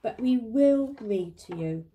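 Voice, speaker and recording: A kind, fond young boy speaking gently and calmly, as a grandmother reads him. The tone is mellow and unhurried, sitting high. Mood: gentle.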